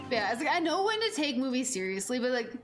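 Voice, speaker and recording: A woman in her twenties streaming a game, chatting in a rambling, animated way with lots of fillers and casual swearing. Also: high-pitched, quick pace, music in the background. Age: 20s. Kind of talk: casual gameplay chat.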